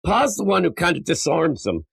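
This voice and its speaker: A man's voice: on the high side, big pitch swings, normal speed, gravelly, a bit bright, slightly rough, no echo. A man hosting a casual comic book podcast, rambling and profane, and acting out characters' lines as he goes. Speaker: podcast host.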